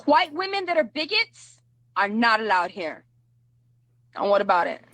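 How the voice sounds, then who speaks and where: A woman's voice: fairly high pitch, very animated, normal speed, a bit bright, no room sound. A woman hosting a live stream, talking back to a guest and her comments in a mocking, combative way, often repeating her lines. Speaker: livestream host. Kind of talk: heated livestream commentary.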